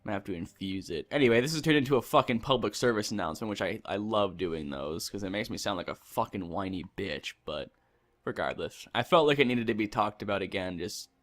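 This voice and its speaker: This time his voice sits on the low side, expressive and a little quick. Still playing on his channel, he rambles and rants, swearing heavily through the casual commentary.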